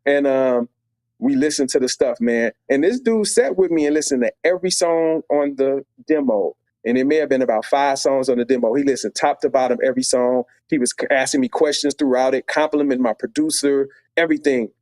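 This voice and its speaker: A middle-aged man from Chicago telling a story as a podcast guest, animated and acting out voices. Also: mid-range voice, brisk, no echo. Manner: animated, acts out quoted voices.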